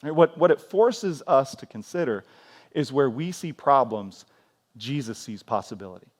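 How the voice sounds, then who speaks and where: A man in his forties preaching a sermon in a church, telling stories in a lively way and acting out scenes with sudden loud outbursts. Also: mid-range voice, moderate pace. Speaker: pastor. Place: church sanctuary.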